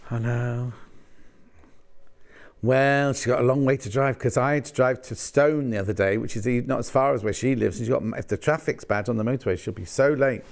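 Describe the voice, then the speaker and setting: A man's voice: mid-range voice, brisk, gravelly. A man presenting fabrics on a live home-shopping show, chatting and rambling between asides as he reads out prices. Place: TV studio.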